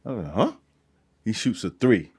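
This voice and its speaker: A man, a former basketball player, telling an animated anecdote, acting out dialogue and laughing. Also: fairly low pitch, normal speed, breathy edge. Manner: lively, laughing storytelling, acts out dialogue.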